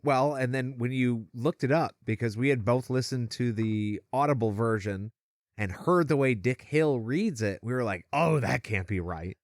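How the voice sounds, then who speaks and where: A man co-hosting a podcast, chatting casually, animated, and laughing often. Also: medium pitch, moderate pace, no echo, studio quality. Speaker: podcast co-host. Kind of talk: casual chat.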